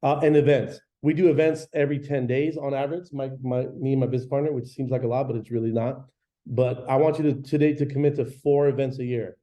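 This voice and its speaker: A man coaching a room of agents in a loose, slangy, energetic way, jumping into quick acted-out snippets of calls. His voice is very dark and mellow, sitting at an ordinary middle pitch. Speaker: real estate agent giving a training talk. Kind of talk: coaching talk to an audience.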